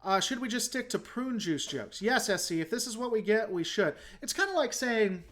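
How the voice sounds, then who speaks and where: A host talking casually through a trailer reaction and answering comments from viewers. The delivery rambles and is plainly critical, and sentences are often begun again partway through. The pitch sits in a middle register. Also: lively intonation, normal speed, hardly any pauses, a bit bright. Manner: frank and opinionated.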